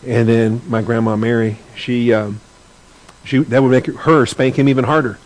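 A man's voice: medium pitch, fairly even intonation, normal speed, rough recording. A man teaching a Bible class in an earnest, conversational way, often repeating words as he searches for the next phrase.

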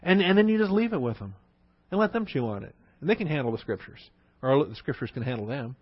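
A man teaches a Bible class at a mid-range pitch, talking conversationally and repeating himself for emphasis. He slows down to spell out key words. The recording is dry and muffled, with a dull, lo-fi tone. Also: expressive, husky, no echo.

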